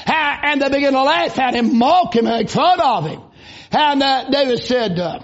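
A man preaches a revival sermon in a church, folksy and given to shouted bursts. His voice sits very high. The recording is dull and lo-fi. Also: animated, normal speed. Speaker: visiting preacher.

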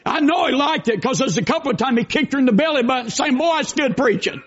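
An older man delivers a sermon in a strikingly high voice. He swings between shouted exhortation and folksy storytelling. The recording is dull and lo-fi. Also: animated, fast talker, slightly rough. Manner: preaching with shouted bursts and folksy asides. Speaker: pastor. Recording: dull lo-fi sound.

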